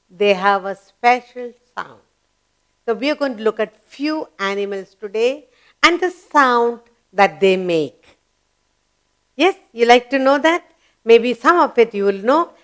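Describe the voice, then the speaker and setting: A woman with an Indian English accent teaches small children in a slow, sing-song lesson voice. Her pitch sits a little high, and she spells words out letter by letter. She keeps asking the class questions and then answers them herself. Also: fairly bright tone. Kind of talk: kids' lesson narration.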